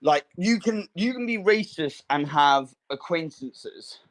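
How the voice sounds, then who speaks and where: A young man co-hosting a casual podcast, telling a story with many fillers and restarts and acting out quotes in a higher voice. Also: animated, slow pace. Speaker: podcast co-host. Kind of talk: casual chat.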